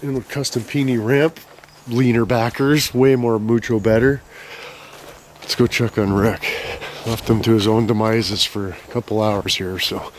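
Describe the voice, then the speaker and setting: Profane man ranting casually. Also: on the low side. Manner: profane, exasperated storytelling. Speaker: vlogger. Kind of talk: casual chat while renovating. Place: trailer under renovation. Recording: faint background noise.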